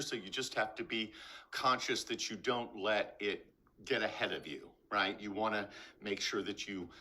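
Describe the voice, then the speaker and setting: An older man teaching acting in his garage, energetic and rhythmic, tapping out beats as he explains, recorded on a camera mic. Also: medium pitch. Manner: energetic, rhythmic demonstrations, bouncing a ball. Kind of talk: instructional talk to camera. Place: garage with concrete floor. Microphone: camera mic, steps back from it.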